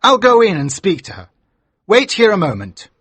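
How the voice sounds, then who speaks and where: An anxious, fussy gentleman speaks in a raised, fluttery voice that jumps around, as a male storyteller puts him on. The tone is bright and the sound close and dry. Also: high voice, wildly swooping pitch, moderate pace, husky, dry recording, voice pushed up, heavily acted. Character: nervous, excitable fussy gentleman. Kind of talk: story reading for English learners.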